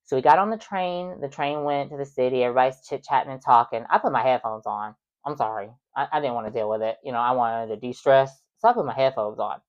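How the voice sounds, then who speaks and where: A woman's voice: extremely low pitch, quick pace, few pauses, highs cut off. A woman host telling a personal story in a chatty way, full of fillers and exasperated asides. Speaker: podcast host.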